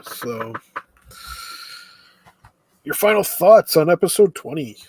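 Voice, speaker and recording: A man co-hosting a podcast in casual chat, recapping the plot in a steady, easygoing way. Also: on the high side, slow pace, husky, dry recording. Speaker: podcast co-host.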